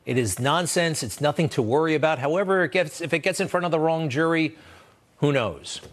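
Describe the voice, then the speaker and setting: A man hosting a TV news show, delivering sarcastic, animated commentary that leaps upward in pitch for emphasis. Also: fairly quick. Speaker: TV news host.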